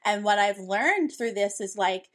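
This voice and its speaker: A woman's voice: mid-range voice, animated, measured pace. A woman hosting a podcast in casual chat, talking in a chatty way with frequent laughs and fillers. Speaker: podcast host.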